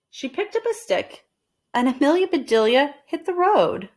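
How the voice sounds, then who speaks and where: A woman reading a children's picture book aloud in a clear, expressive, unhurried way. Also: high-pitched. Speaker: storybook reader.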